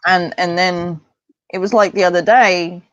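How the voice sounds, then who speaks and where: A woman's voice: lowish voice, fairly even intonation, measured pace, no echo. A woman talking as a parent in a casual interview, chatty and rambling, often acting out what others said. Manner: chatty, rambling, acts out quoted voices. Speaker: parent guest. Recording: dull dry lo-fi sound.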